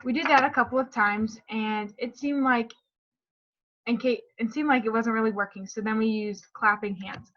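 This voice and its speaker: A woman's voice: on the high side, steady tone, normal speed, lo-fi sound. A woman presenting a speech therapy session in a recorded class talk, explaining and modeling word stress aloud.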